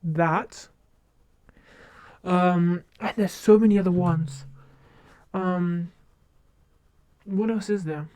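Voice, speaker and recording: Rambling woman with a mellow voice. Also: lowish voice, steady tone, extremely slow, long pauses. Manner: rambling, self-interrupting with many restarts. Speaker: streamer. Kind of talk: casual livestream chat.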